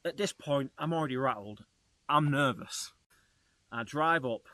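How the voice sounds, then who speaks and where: A travel vlogger tells his story to camera with an animated, talkative energy. His voice is bright and sits close and dry, with no room around it. He speaks directly to his viewers as he goes. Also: medium pitch, unhurried, no echo. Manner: lively, chatty, talks straight to viewers.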